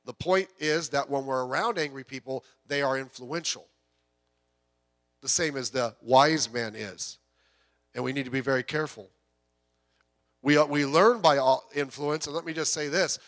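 In a long, reverberant hall, a male pastor delivers a conversational sermon, questioning the congregation and acting out quotations. His voice sits on the high side and sounds a bit bright.

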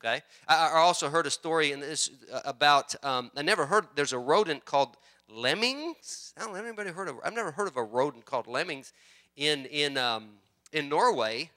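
Male pastor, bright clear voice, animated sermon storyteller. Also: on the high side, fairly quick. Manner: animated storytelling, rising excitement.

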